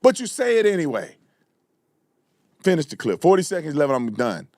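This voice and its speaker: A man hosting a live commentary show, delivering a fiery, repetitive rant that sometimes breaks into shouting. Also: fairly high pitch, big pitch swings, moderate pace, vocal fry, dry recording, studio quality. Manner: fiery, ranting, repeats himself, shouts at times. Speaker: show host. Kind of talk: heated live political commentary.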